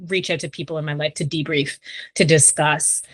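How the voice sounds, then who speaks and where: A young woman talks casually as a podcast guest, her voice sitting a little low for a woman. She rambles warmly through fillers like "like" and "um". The sound is dry and close, with no room echo. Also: steady tone, fairly quick. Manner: chatty, frequent "like" and "um". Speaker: sex therapist, podcast guest.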